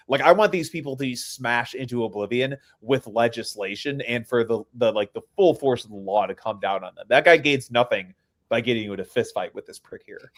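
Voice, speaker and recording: A man's voice: medium pitch, a little fast. A man hosting a podcast in casual chat, getting heated and stammering over his words when angry. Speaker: podcast host.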